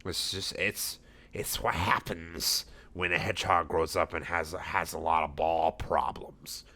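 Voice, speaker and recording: Gravelly man mocking a fan story. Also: sits low, little pitch movement, a little slow, pushed and bright. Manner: sarcastic, swearing, often laughing. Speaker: reader. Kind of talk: mocking comic reading.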